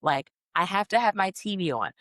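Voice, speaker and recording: A woman's voice: medium pitch, lively intonation, normal speed, fairly bright tone, no room sound. A woman in her twenties hosting a solo podcast, chatting in a rambling, self-mocking way into a podcast mic. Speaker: podcast host. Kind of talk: casual solo podcast chat. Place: podcast studio, on camera.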